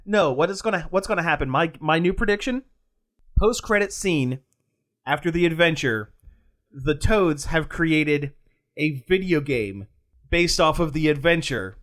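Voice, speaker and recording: Male co-host, upbeat casual chatter, slightly high pitch. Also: expressive, fairly bright tone. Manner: upbeat, laughs often, quick asides. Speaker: podcast co-host. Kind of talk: casual chat.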